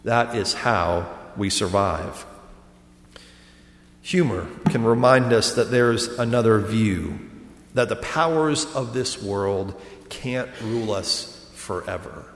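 A man, a pastor, preaching a sermon and telling jokes, going from loud to soft. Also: fairly low pitch, slow pace, slight background noise. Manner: storytelling, swinging between loud and soft. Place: church sanctuary. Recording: echoey hall reverb.

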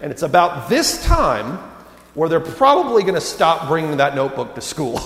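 A man in his thirties preaching a sermon as pastor, telling stories in a relaxed, humorous, conversational way. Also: fairly high pitch, normal speed. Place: church sanctuary. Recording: echoey church hall with long reverb.

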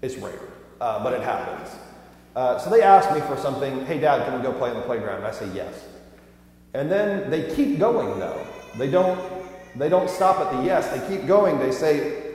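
A man's voice: a little high, sing-song, normal speed, darkish tone. A man pastor preaching a sermon in a conversational, self-deprecating storytelling way. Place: church sanctuary. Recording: echoey church hall with long reverb.

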